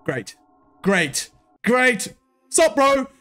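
A man's voice: very high voice, very animated, very slow, sharp tone, soft background music. A young man giving panicky, swearing commentary while playing horror games, jumping between fear and mocking jokes. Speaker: gaming video creator.

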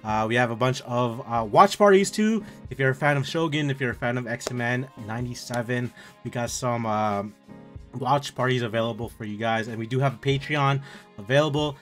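A man hosting a music reaction video, talking in an excited, slangy way and calling people "dude" and "bro". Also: medium pitch, moderate pace. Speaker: reaction channel host.

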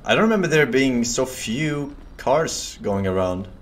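A man's voice: medium pitch, expressive, measured pace. A man streaming a role-play game, chatting casually and swearing often. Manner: laid-back, swears often. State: out of breath after running. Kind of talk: casual gaming chat.

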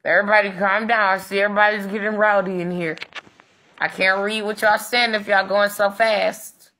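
A woman's voice: medium pitch, level tone, moderate pace, pushed and bright. A woman ranting on a live stream, brash and profane, taunting viewers and ordering her moderators around on a phone mic.

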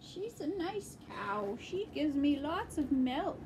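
A woman's voice: high voice, expressive, takes it slowly. A woman narrating a pretend farm game with plush toys in a sing-song storytelling manner. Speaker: playing with plush toys alongside a child. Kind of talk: toy play narration. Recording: background noise.

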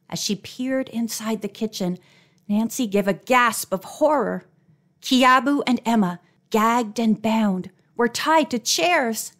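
A woman narrates a mystery story aloud in a slightly high voice. Her reading is scripted and expressive. She lifts her pitch when characters speak. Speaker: audiobook narrator.

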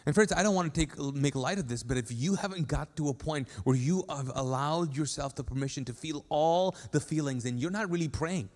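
A male pastor preaches in a sanctuary, his slightly high voice trailing off in a long hall echo. He talks to the congregation in a loose, joking way and acts out little quotes as he goes. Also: a little fast, hardly any pauses. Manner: conversational and joking, with acted-out quotes. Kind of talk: sermon. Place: church sanctuary. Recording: long reverb of a large hall.

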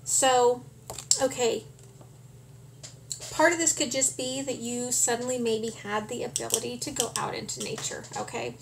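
A woman talks through a tarot reading with a slightly high voice. She is very slow and calm and keeps checking in with "okay?". A faint hum of noise sits behind her. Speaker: tarot reader.

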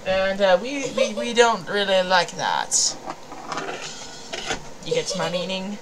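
A woman's voice: high-pitched, wildly swooping pitch, very slow, background noise, voice pushed up, exaggerated voice. A woman voicing an odd male scientist who gives a lab assistant orders, awkward and self-conscious. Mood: stern.

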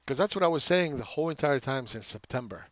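A man's voice: mid-range voice, lively intonation, fast talker, no echo, dull audio. Combative, profane male market commentator. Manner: repeats words and restarts phrases.

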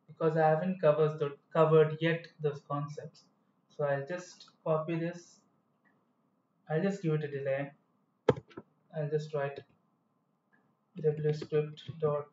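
A man's voice: a little high, darkish tone. A man giving a coding tutorial with rambling, self-correcting explanations. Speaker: programming tutor. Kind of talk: screen-recorded coding tutorial. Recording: echoey, dull room sound.

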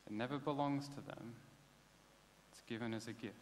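A pastor, preaching a sermon in a casual, conversational way. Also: male voice, mid-range voice, steady tone, normal speed, slight background noise. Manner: conversational, plain-spoken preaching with casual asides. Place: church hall. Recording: long hall reverb.

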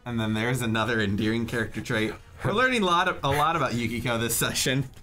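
A man's voice: mid-range voice, fast talker, pushed and bright, faint music behind. A young man teasing and joking wryly during a game playthrough. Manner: wry, teasing. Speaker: let's play commentator. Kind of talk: casual gaming chat.

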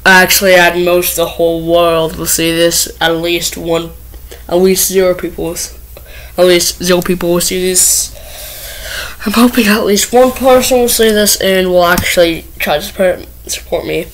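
A woman's voice: lowish voice, steady tone, normal speed, poor audio. A woman vlogging to camera, nervous and rambling, with lots of filler words and restarts. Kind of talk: casual first vlog to camera.

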